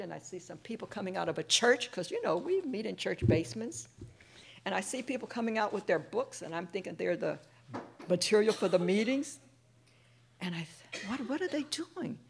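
A middle-aged woman sharing her personal testimony with a recovery group, an animated storyteller who acts out the voices of the people in her story. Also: medium pitch, normal speed, vocal fry, slight background noise. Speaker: speaker sharing at a recovery meeting.

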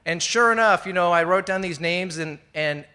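A middle-aged man gives a personal recovery share to a live audience in an indoor meeting room. His bright, ringing voice is pitched a bit high and flows smoothly at a moderate pace. The talk meanders with fillers and false starts, earnest but broken by occasional self-directed laughter.

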